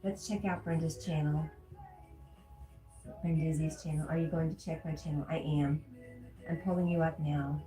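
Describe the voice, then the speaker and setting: A woman's voice: deep voice, fairly even intonation, normal speed, long pauses, warm tone. A woman hosting a casual livestream, reading viewer comments aloud and laughing often. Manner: chatty, laughs often, reads chat aloud. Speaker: livestream host. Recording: roomy echo with faint music.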